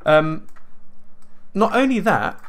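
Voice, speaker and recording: A man's voice: high voice, slow pace. A man hosting a casual monologue, asking rhetorical questions and acting out what others would say. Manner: animated, rhetorical questions, acts out quoted voices. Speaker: host.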